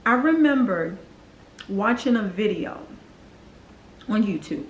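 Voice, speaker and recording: A woman's voice: medium pitch, animated, slow, echoey room, highs cut off, a little hiss or hum. Earnest woman in her forties confiding. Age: 40s. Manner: earnest, confiding, acts out quoted voices. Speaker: vlogger. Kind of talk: personal storytelling to camera.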